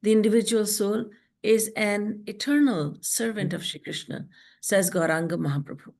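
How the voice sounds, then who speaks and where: Woman teacher giving a devotional talk on a video call, earnest storyteller, slows right down for the verses. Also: mid-range voice, fairly even intonation, gravelly, a little mellow. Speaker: spiritual teacher.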